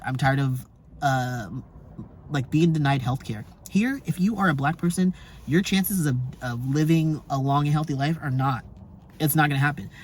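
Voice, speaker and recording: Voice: mid-range voice, a little mellow, breathy edge. A travel vlogger, talking casually and emphatically to camera, swearing now and then and breaking into short laughs between points.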